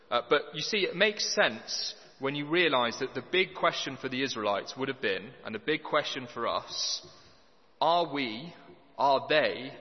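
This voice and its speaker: A man preaching a sermon, earnest and conversational with dry humour. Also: mid-range voice. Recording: dull lo-fi sound with long hall reverb.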